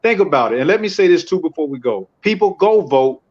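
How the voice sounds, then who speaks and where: A barber talking in a casual interview, telling stories animatedly and building to emphatic pleas. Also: male voice, on the high side, expressive, a little fast, a little mellow, muffled recording. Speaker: barber and barbershop owner, podcast guest.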